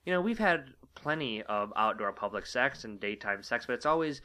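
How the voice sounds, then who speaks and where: A man co-hosting a casual talk show, talking in halting bursts full of fillers and restarts. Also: mid-range voice, animated, pushed and bright, clean tone. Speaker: podcast co-host. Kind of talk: casual chat.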